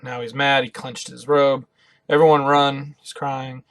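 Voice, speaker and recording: A man hosting a live reaction, reading manga dialogue aloud and commenting excitedly between lines. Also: mid-range voice, measured pace, dry recording. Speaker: reaction video host.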